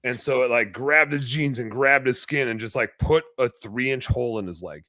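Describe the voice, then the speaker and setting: A young man telling a story on a podcast in a casual, animated way, swearing freely and acting out quotes. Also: medium pitch, moderate pace, no echo, studio quality. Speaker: podcast guest.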